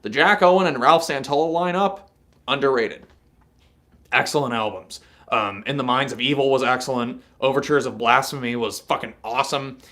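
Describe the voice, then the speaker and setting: A man's voice: mid-range voice, moderate pace, bright, forceful tone. A young man from North Carolina hosting a casual live stream, chatty, swearing freely and laughing at his own jokes.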